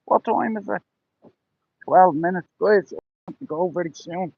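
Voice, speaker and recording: Gravelly high-voiced man. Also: moderate pace, no echo, lo-fi sound. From Ireland. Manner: rambling, profane, lots of "you know". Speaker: livestreamer. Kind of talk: casual storytelling on a livestream.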